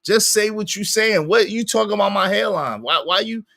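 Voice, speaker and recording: A man's voice: sits high, normal speed, creaky, a bit bright, dry recording, studio quality. A man hosting a casual livestream, talking playfully and teasing the chat. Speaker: livestream host.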